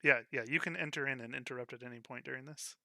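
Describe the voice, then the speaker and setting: A man narrating and running a tabletop role-playing game in a relaxed, easygoing manner. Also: medium pitch, quick pace, creaky, dry recording, studio quality. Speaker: game master.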